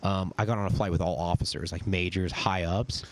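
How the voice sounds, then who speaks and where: A young man, a podcast guest and army sergeant, telling stories in a relaxed, casual way, full of "dude" and "like.". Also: sits low, fairly quick, slight background noise. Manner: laid-back, says "dude" and "like" a lot. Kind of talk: casual storytelling chat.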